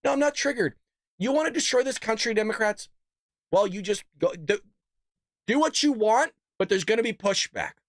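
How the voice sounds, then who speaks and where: With lively intonation at a normal speed, a political show host rants angrily on his live stream, swearing and mimicking people in mock voices that rise loud and high. The sound is studio quality without echo.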